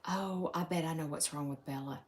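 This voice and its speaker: A woman with a Southern US accent chatting casually to viewers on a live stream from home as she stitches. She talks to them as "y'all" and drops into soft murmurs while she works. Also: sits low, a little fast. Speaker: craft live-stream host.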